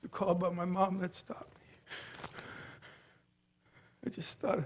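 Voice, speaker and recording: A man delivering a confessional, halting monologue on stage in a one-man musical, often stammering as he restarts his sentences. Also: high-pitched, little pitch movement. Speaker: solo stage performer.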